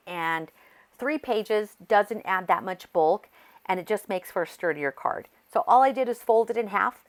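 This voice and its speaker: A woman vlogger chatting casually and excitedly, rambling through a story with restarts while she crafts. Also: mid-range voice. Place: home craft desk.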